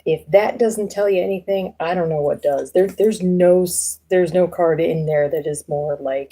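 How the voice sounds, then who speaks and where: A woman's voice: low voice, fairly even intonation, normal speed, few pauses, mellow, a little hiss or hum. A woman doing a casual live tarot reading, chatting loosely to viewers with lots of fillers and easy laughs. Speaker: tarot reader.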